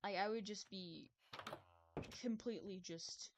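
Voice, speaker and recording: A woman's voice: mid-range voice, measured pace, background noise. Chatty giggly woman streaming a game. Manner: rambling, chatty, giggly, many self-interrupting restarts. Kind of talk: casual live-stream chat while gaming.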